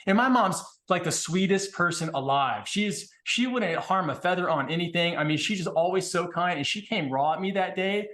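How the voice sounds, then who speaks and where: A man in casual podcast conversation, blunt and animated, swearing freely as he tells stories. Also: high voice, normal speed, hardly any pauses. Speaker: podcast guest.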